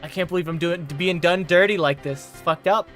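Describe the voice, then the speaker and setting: A man's voice: high-pitched, brisk, a bit bright, soft background music. A man streaming a game, bantering with playful indignation.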